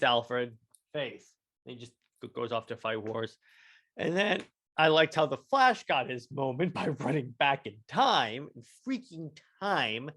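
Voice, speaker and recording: A young adult man hosting a solo podcast review, talking excitedly and rambling with many stammered restarts. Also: medium pitch. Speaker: podcast host.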